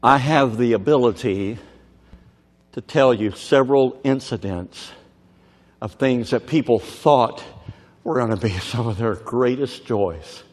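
A man preaching a sermon, dramatic and swinging from shouts down to near whispers, who keeps checking that the crowd is listening. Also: mid-range voice, a little slow. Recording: long hall reverb.

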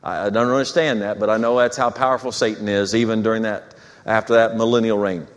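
A male pastor preaching an evening sermon in church, emphatic and slowing down on key words. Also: on the low side, fairly even intonation, in a large hall. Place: church sanctuary.

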